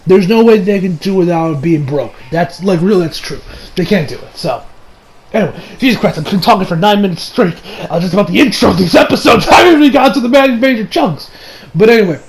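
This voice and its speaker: Young man, high voice, casual anime review, excitable, swears, acts out scenes. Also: fast.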